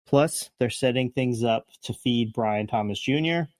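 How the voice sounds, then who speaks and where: Give me a mid-pitched man co-hosting a podcast, rambling and joking, recorded dry. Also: measured pace, dry recording. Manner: rambling, many fillers and restarts, joking. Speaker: podcast co-host. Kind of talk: casual podcast chat.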